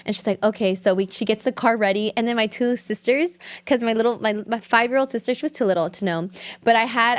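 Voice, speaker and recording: A young woman guest in a casual chat, rambling through a personal story full of "like" and acted-out quotes. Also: mid-range voice. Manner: rambling, heavy on "like", acts out quotes. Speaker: podcast guest.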